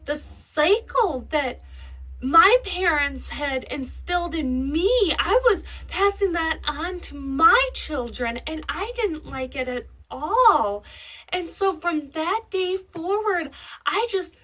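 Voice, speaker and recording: A woman's voice: very high voice, animated, slow pace, a bit bright, muffled recording. A young mother of five sharing a heartfelt, faith-filled vlog from her bedroom, talking earnestly and with emotion. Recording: voice slightly distant from mic.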